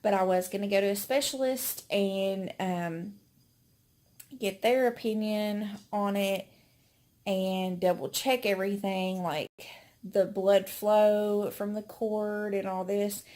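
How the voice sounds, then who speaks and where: A woman's voice: medium pitch, steady tone, slow, a little mellow. A pregnant woman giving a casual, chatty update to her channel, a little out of breath, with many ums and restarts. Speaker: vlogger.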